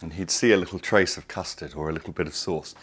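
A man's voice: low voice, fairly even intonation, fast, a bit bright, slightly rough. A middle-aged man, hosting a casual cooking demonstration in his home kitchen, chatty, digressive and enthusiastic. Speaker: cooking show host.

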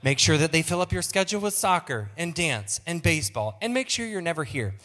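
Guy doing a perky stewardess voice, sarcastic sales pitch, bright and loud, big echoey hall. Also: sing-song, fairly quick. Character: chirpy flight attendant pitching a lazy church.

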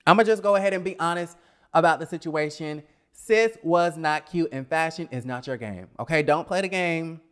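A young man talks through a reality TV review in a sassy, blunt way, drifting into scatterbrained asides. His voice sits a bit high and comes through smooth and clear, even though he is getting over a cold. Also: moderate pace. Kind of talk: casual review vlog.

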